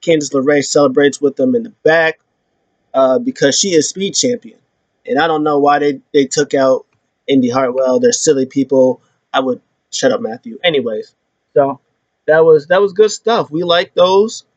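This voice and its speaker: A man hosting a casual wrestling recap, retelling events in an animated way and acting out the quotes. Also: medium pitch, moderate pace, no room sound. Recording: dull lo-fi sound.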